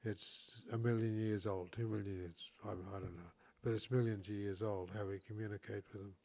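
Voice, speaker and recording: A man hosts a relaxed talk show and drifts into reflective stories. He often breaks off and restarts his sentences as he talks. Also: fairly low pitch, fairly quick. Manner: reflective, rambling, with frequent restarts. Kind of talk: casual storytelling conversation.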